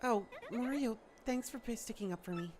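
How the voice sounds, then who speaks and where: A man voicing a shy young female shadow ghost, reading game dialogue aloud in a timid, halting way. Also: very high voice, crowd noise.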